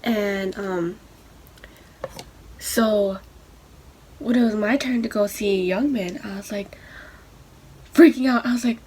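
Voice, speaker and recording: Breathy, chatty young woman vlogger. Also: medium pitch, slow, long pauses. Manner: rambling, excitable, lots of fillers. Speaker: beauty vlogger. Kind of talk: casual storytime while doing makeup.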